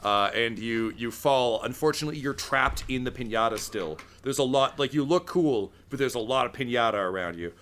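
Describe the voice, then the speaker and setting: A man's voice: mid-range voice, lively intonation, brisk, few pauses, crowd noise. A man running a tabletop role-playing game, narrating loosely with jokes and fillers. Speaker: game master.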